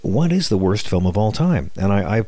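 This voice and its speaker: A man's voice: lowish voice, big pitch swings, moderate pace, mellow, dry recording. A middle-aged man hosting his own podcast, delivering a sardonic, wisecracking political comedy monologue with frequent restarts. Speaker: podcast host.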